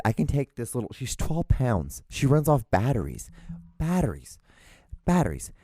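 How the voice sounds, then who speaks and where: A man's voice: lowish voice, dark tone, no echo, studio quality. A man hosting a podcast from home, rambling casually with profanity and many restarts, and gushing about his dog. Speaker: podcast host.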